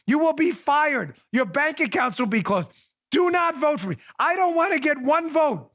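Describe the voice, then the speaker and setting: A man's voice: extremely high pitch, a bit bright, no room sound. A man in his forties hosting a political talk show, riffing in sarcastic mock pleas with lots of restarts, into a studio microphone. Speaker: podcast host.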